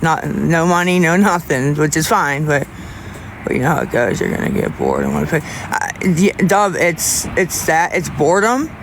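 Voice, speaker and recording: A young man livestreaming, chatting casually with viewers in a rambling, halting way with many restarts. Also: fairly high pitch, sing-song, fairly bright tone, slight background noise.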